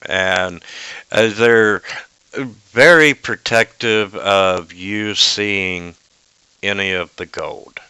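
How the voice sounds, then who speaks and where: A man narrating a tabletop fantasy game as its game master, talking slowly and pausing on fillers. His voice is bright and very clear, and the recording is dry and close. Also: lowish voice, no room sound, rough recording. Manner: hesitant, many fillers.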